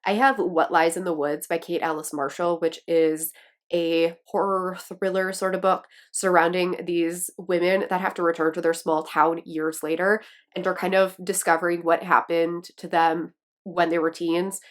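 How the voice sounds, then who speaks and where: Chatty Wisconsin woman, low-pitched. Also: moderate pace. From Wisconsin, USA. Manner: chatty and excitable, self-deprecating laughs. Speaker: book vlogger. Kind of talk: casual chat to camera.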